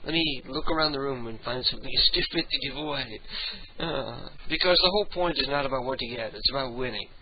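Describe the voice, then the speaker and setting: A man's voice: medium pitch, dull audio. A man hosting a late-night internet radio show, rambling in a crude, self-mocking way.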